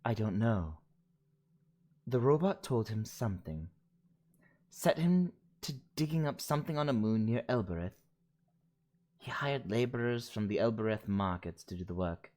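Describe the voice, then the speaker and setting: A man's voice: fairly low pitch, lively intonation, normal speed, long pauses, darkish tone, natural voice. A man voicing a stern, anxious older woman professor while reading game dialogue aloud. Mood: insistent.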